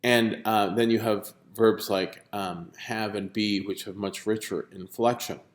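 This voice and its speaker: A man's voice: lowish voice, fairly even intonation, a little slow, reverberant. A man giving a recorded video lecture, explaining step by step and stressing key terms, with frequent fillers and restarts. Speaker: linguistics lecturer.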